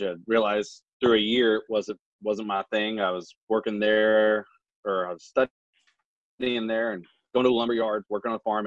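A man's voice: fairly low pitch, dry recording, lo-fi sound. Young man telling a story. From Missouri Ozarks. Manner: animated storyteller acting out quoted dialogue. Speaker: guest, special operations graduate. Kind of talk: casual storytelling interview.

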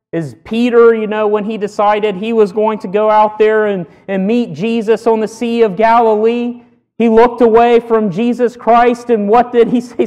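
A man preaching a sermon with earnest emphasis, punching key words loudly between pauses. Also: high-pitched, big-room sound. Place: church sanctuary.

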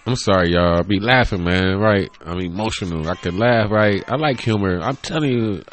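A man in his thirties hosting his own podcast, rambling casually and profanely, laughing often and jumping from quiet mutters to loud, excited storytelling. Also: fairly quick. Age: 30s. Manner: loose and profane, laughs often, swings from low mumbles to loud excited bursts. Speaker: podcast host. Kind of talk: casual solo podcast rant. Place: bedroom home setup.

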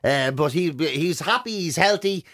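A man's voice: a little high, measured pace. A middle-aged Irish man co-hosting a radio show, telling stories in casual banter and mimicking the people in them. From Ireland. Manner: animated storyteller who mimics the people in his tales.

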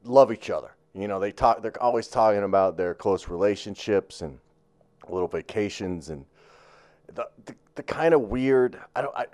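A man's voice: on the low side, expressive, normal speed, darkish tone. A man co-hosting a sports chat show, talking in a rambling, profane way with lots of fillers and restarts.

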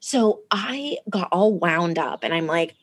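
A woman telling a personal story in casual chat, animated and laughing as she acts out quotes. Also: fairly low pitch, takes it slowly.

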